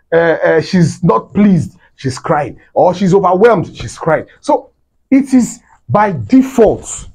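A man's voice: on the high side, darkish tone, slightly rough. A man giving an emphatic, preachy advice monologue as host, repeating phrases for stress.

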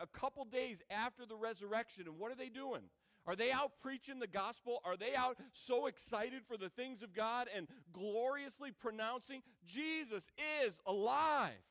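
A man pastor preaching a sermon, telling a story with lively acted-out voices. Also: sits high. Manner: animated storytelling, acting out voices in retellings.

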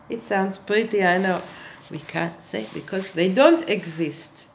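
A woman delivers a sarcastic monologue in a middle-pitched voice, at an unhurried, deliberate pace. She talks with mock-earnest irony and lectures her viewers as if they were children. A faint hiss of noise sits under her voice. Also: creaky, poor audio. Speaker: satirical vlogger.

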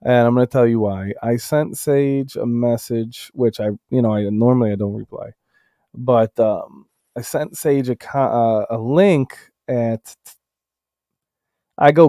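A man's voice: medium pitch, slow, warm tone, no room sound, studio quality. A man co-hosting a casual live stream, ranting with heavy profanity and reading out chat comments. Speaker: stream co-host.

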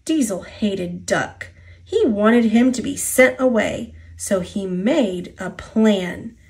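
A woman reading a children's picture book aloud, expressive and deliberate. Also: mid-range voice, gravelly. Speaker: storybook narrator.

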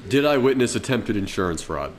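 Low-voiced man telling a profane story. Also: sing-song, a little fast. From Colorado. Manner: loose, profane, laughing often. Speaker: podcast co-host. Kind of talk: casual storytelling chat.

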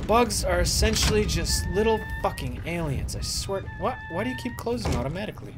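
A man hosting a casual let's-play video, playful and excitable and swearing freely as he narrates his gameplay. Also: sits high, moderate pace. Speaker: gaming video host. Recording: noisy game audio behind the voice.

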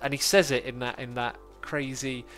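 A man's voice: medium pitch, fairly even intonation, moderate pace, fairly bright tone, faint music behind. A man hosting a casual gaming livestream, cheerful and jokey as he tours builds with a friend. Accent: British. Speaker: livestream host.

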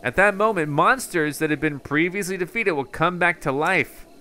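A man's voice: fairly high pitch, moderate pace, pushed and bright, a little hiss or hum. A man voicing an obsessive male scholar who lectures dramatically and emphatically. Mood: lecturing. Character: obsessive scholar of a mysterious phenomenon, indignant.

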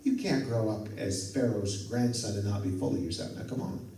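A male pastor preaching a sermon, telling a story in a lively way, acting out the dialogue and chuckling at his own asides. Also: lowish voice, normal speed, a little hiss or hum. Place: church sanctuary. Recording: echoey church hall from far off.

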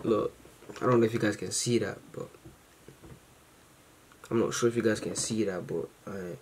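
A man hosting a reaction video, chatting casually to camera in a rambling, slangy way full of fillers, excited and grateful. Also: lowish voice, normal speed, slight background noise.

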